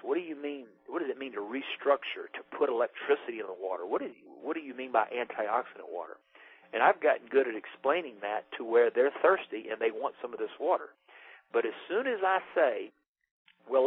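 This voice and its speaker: A man's voice: medium pitch, breathy edge. A man from Alabama giving a rambling, folksy sales talk about his water business. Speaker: water ionizer distributor. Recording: tinny phone-line audio.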